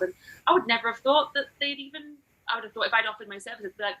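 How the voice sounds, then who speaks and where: A woman who teaches burlesque, chatting in a casual podcast interview and acting out quotes in lively voices. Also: a little high, fast talker, low-quality recording. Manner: animated, acts out quotes in different voices.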